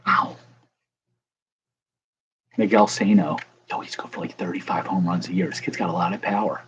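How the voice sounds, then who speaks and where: Low and fairly even in intonation, this man talks at normal speed while opening baseball cards on camera. He's a card-breaking vlogger who jokes and rambles straight to his viewers. The audio is dull and lo-fi with faint ambience.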